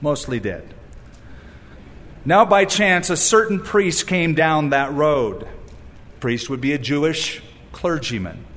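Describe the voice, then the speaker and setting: Lively-pitched preacher in a reverberant hall. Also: male voice, slow, long pauses. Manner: animated, acts out quoted voices with asides. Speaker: pastor. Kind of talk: sermon.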